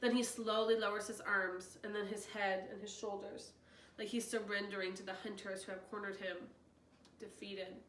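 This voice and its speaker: A woman reading a novel aloud as host, with expressive, excitable asides to listeners. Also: mid-range voice, normal speed. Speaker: reader, channel host. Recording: roomy distant mic, faint noise.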